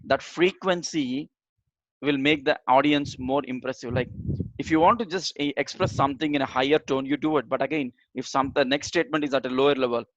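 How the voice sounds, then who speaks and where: A man teaching an online session on public speaking, deliberately raising and lowering his tone as he talks. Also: no room sound, highs cut off. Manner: animated, varies tone up and down deliberately. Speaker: communication trainer.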